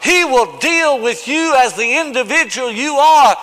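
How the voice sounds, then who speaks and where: High-voiced impassioned preacher. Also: male voice, animated, a little slow. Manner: impassioned, swings between shouting and hushed pleading. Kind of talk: sermon. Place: church sanctuary. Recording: long hall reverb.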